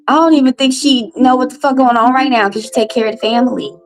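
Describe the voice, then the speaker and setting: A woman with a Southern US accent reading tarot on a live stream, chatting casually in a profane, animated way. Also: on the high side, brisk, hardly any pauses, faint music behind, low-quality recording. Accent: Southern US, Texas. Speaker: tarot reader.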